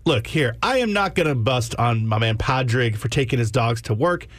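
A man's voice: mid-range voice, animated, moderate pace, no room sound. A man co-hosting a morning radio show in the studio, teasing and cracking jokes in casual banter. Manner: wisecracking, teasing.

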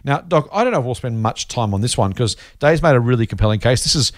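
A man's voice: mid-range voice, animated, fast talker, no room sound, clean studio sound. An Australian man hosting a podcast, chatting casually and enthusiastically with plenty of fillers. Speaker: podcast host.

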